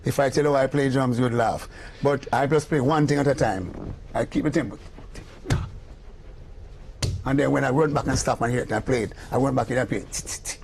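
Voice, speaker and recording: Against a noisy background, an older Jamaican-accented music producer tells stories in a casual interview, his medium-pitched voice creaky and paced moderately with frequent pauses. He's animated, slipping into patois and acting out the people he quotes.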